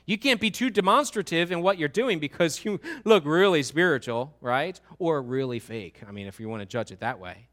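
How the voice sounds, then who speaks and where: Middle-aged male pastor, animated sermon delivery, crisp bright tone. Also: on the high side, normal speed, hardly any pauses. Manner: animated, acts out voices of churchgoers.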